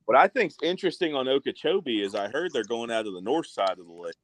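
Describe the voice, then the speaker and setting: A man's voice: medium pitch, sing-song, fast talker, fairly bright tone, a little hiss or hum, rough recording. A man hosting a live fishing stream, trading profane, joking banter with guests. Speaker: stream host. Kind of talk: casual stream chat.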